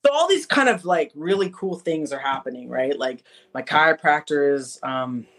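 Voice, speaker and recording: Animated woman telling her story. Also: low-pitched, normal speed. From Manitoba, Canada. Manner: animated storyteller who acts out conversations. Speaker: interview guest. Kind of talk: personal faith testimony in a podcast interview.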